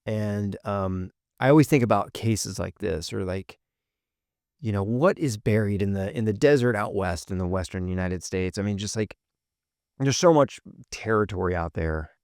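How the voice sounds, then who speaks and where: A man co-hosting a podcast with a low, gravelly voice. He rambles casually through his thoughts with plenty of fillers and restarts, and the recording is close and dry. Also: normal speed, darkish tone, no room sound. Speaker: podcast co-host. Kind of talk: casual chat.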